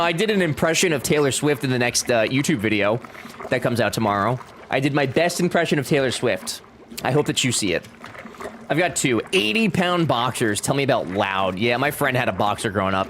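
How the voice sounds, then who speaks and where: Young male streamer, lively banter, animated pitch, faint background hiss. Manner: chatty, joking, talks back to chat. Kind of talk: casual live-stream chat.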